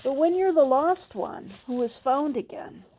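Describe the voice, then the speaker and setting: Over background noise, a high-voiced Minnesota woman preaches a sermon. She slowly retells a parable, playing the characters and dropping in folksy asides.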